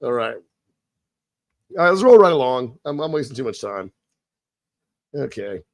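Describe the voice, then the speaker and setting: A man's voice: medium pitch, sing-song, no echo. A man hosting a live stream, chatting casually and ranting in a profane, rambling way, then reading scripted narration. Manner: reads scripted narration slowly. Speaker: live-stream show host.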